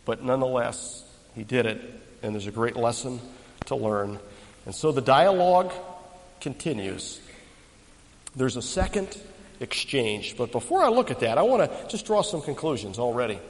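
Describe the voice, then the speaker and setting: A man's voice: mid-range voice, lively intonation, normal speed, in a large hall, poor audio. A man preaching an expository sermon to a congregation. He is emphatic, often quizzing them with questions.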